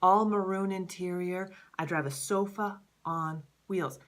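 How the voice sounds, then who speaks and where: A woman in her thirties talking straight to camera in a casual vlog as a life coach, animated and profane, peppering her talk with "like". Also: fairly low pitch, a little slow, background noise. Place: Southern California.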